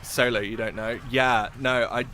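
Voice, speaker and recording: Casually chatting while gaming on a live stream, a young English man jokes around, reading out and replying to chat. He speaks at a moderate pace in a steady, sharp, mid-range voice, and a little hiss or hum is audible.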